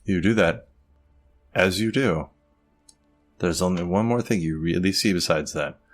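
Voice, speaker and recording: A man's voice: sits low, a little slow, faint music behind. A man narrates a tabletop game as game master. He describes each scene in a loose, casual way and uses plenty of fillers.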